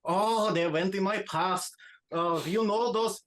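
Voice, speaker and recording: A man voicing a lovesick young Swedish immigrant who hunts monsters, speaking with a put-on Swedish accent and halting English. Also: high-pitched. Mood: dreamy. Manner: halting, searching for English words. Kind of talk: tabletop role-play in character.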